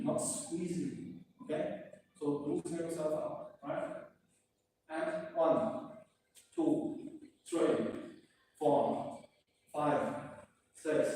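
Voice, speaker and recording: Guy coaching a kung fu class, english, high-ish voice, mic far away, faint hiss behind. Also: darkish tone, very echoey, big-room sound. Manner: broken English, counting and coaching, frequent okay and right. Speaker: martial arts instructor. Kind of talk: live-streamed class instruction. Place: training hall of a martial arts school.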